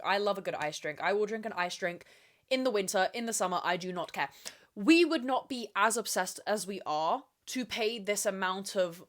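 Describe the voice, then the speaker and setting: A woman's voice: mid-range voice, fairly bright tone. A young woman in her twenties hosting a solo podcast to camera, ranting emphatically and swearing freely. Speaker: podcast host. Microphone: camera mic, speaking to camera.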